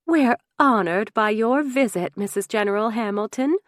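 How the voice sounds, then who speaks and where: A woman voices a gracious, friendly society hostess in an audiobook, effusive and welcoming, pitching slightly above her own voice while still sounding natural. Her delivery is a little high at normal speed, recorded in studio quality with no echo.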